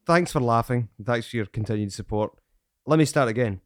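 A man's voice: mid-range voice, brisk, dry recording, studio quality. Playful man hosting a podcast. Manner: teasing, mock-offended, playful. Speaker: podcast host. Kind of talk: casual podcast banter.

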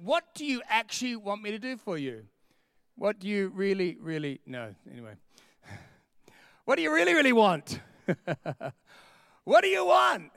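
High-voiced, emphatic male preacher. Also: clear, resonant tone, no echo, studio quality. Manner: animated, emphatic preaching with repeated lines. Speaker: pastor. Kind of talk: sermon. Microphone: camera with a close mic.

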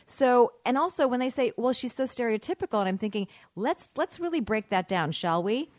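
A woman talking emphatically in an interview conversation, animated as she explains and tells stories. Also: on the high side, moderate pace, dry recording, studio quality. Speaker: comedian guest.

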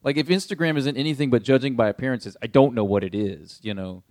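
A man's voice: medium pitch, fast talker, a little mellow. A young adult man pastor teaching a Bible passage in a casual, conversational way, paraphrasing with many fillers.

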